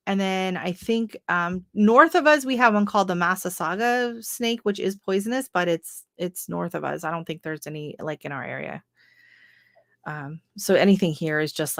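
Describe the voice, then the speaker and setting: A woman's voice: fairly low pitch, gravelly, fairly bright tone, no room sound, studio quality. A middle-aged Canadian woman with a Canadian accent, hosting a casual gardening livestream and reading out viewer comments, chatty and rambling with frequent laughs and fillers.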